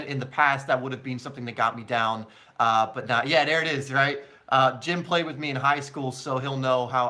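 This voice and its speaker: Bright-voiced casual soccer host. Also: male voice, medium pitch. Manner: casual, chatty, answers viewer questions with many fillers. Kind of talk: live Q&A stream.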